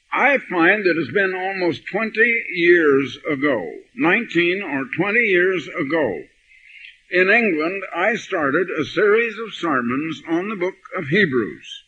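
An older man preaching a sermon, telling stories and reading scripture slowly and with emphasis, on an old lo-fi recording. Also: sits high, slightly rough. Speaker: pastor. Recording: dull lo-fi archive sermon recording.

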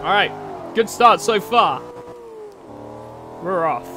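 Guy streaming a racing game, kinda high voice, rambly chat, loud car engines behind him. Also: lively intonation, takes it slowly. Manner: rambling, chatty, swears casually. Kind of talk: casual live-stream chat while racing. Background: racing game engine noise.

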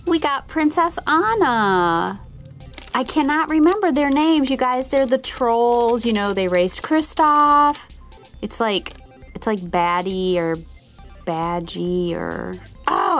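A woman's voice: mid-range voice, fairly bright tone. A woman hosting a toy unboxing video, bubbly and giggly, gushing over each toy she opens. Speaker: toy channel host.

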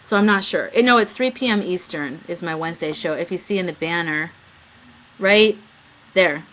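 A young woman hosts her own live webcam show, talking loosely to her viewers. She giggles often, reads chat messages out, and slips into quick quoted voices when retelling a story. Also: fairly low pitch, a bit bright. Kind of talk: casual live-stream chat.

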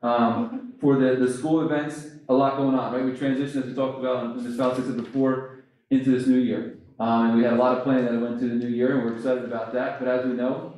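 A man giving a principal's report at a school board meeting, speaking quickly with many fillers. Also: medium pitch, little pitch movement, darkish tone. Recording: echoey room, voice from far off.

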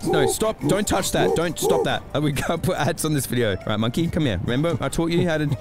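A man gaming with friends, bossing someone around in shouts and laughing often. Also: a little high, lively intonation, fast talker. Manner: bossy shouting, frequent laughter. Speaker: gamer. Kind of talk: casual gaming banter. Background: background music.

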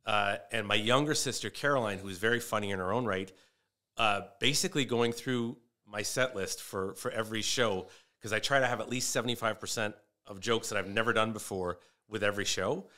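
A man's voice: lowish voice, a little fast, bright, forceful tone. A man who is a comedian, chatting casually as a podcast guest and telling rambling stories about his family. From Canada. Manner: rambling, storytelling with restarts.

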